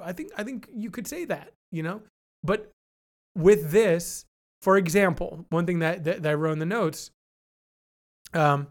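A man co-hosting a podcast, talking things through in a thoughtful, hedging way with many restarts. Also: on the high side. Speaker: podcast co-host. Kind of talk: casual discussion.

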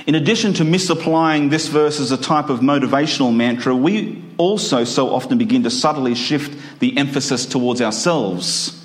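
Man, preacher, sermon in church, emphatic, drawn-out phrasing, slightly high pitch.

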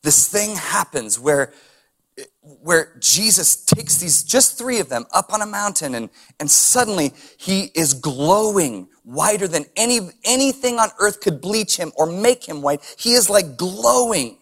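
A male pastor delivers a sermon in a relaxed, conversational way, with a voice that sits a little higher than most men's. He reads scripture, then breaks off into chuckling asides and strings of rhetorical questions. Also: measured pace.

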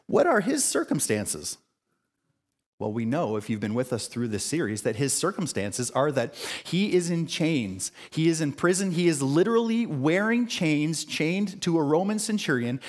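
A man preaching a sermon as pastor of a church, repeating phrases for emphasis and mixing in casual slang and short laughs. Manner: preaching with emphatic repetition and rising pitch for emphasis.

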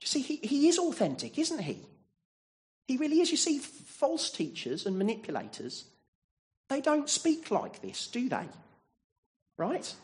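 A man's voice: very high-pitched, huge pitch swings, a little slow, long pauses. A man preaching a sermon in a church, earnest and asking the congregation many rhetorical questions.

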